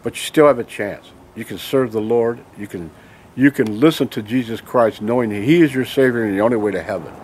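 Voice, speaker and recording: A man vlogs an angry, heated rant to camera, his mid-range voice a little fast and mellow with a breathy edge. He speaks emphatically and keeps checking in with listeners by asking "okay?"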